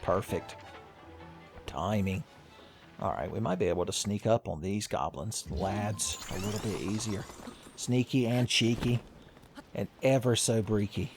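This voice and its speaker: A man's voice: lowish voice, gravelly. A man giving joking, profane let's-play commentary while he plays, with a lot of laughter. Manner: joking, swearing, frequent laughs. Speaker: gaming video host.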